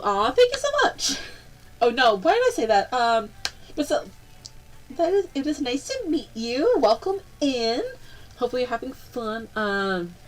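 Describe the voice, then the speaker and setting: A young woman chatting casually on a live stream, rambling and bubbly, breaking into excited squeals. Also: mid-range voice, low-quality recording.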